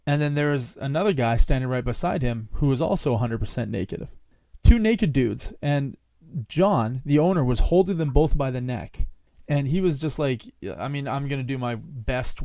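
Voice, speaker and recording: Male host, mid-pitched, casual storyteller, dry booth sound. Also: moderate pace, dark tone, dry recording. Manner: rambling storyteller, laughs between lines. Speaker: podcast host. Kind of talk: casual chat.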